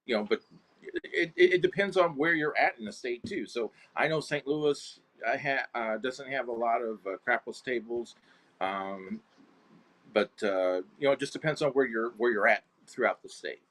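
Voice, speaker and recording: A plainspoken man talks as a guest on an online craps interview. His voice sits in a middle pitch, and he often stops and restarts his sentences as he goes. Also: fairly bright tone. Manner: halting, self-correcting, plainspoken. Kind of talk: casual video call interview.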